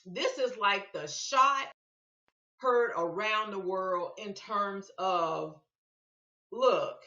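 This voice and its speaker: A woman's voice: medium pitch, drawn-out words, pushed and bright. A woman giving casual political commentary in a vlog, emphatic and repeating words for stress. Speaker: vlogger. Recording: echoey room, dull lo-fi sound.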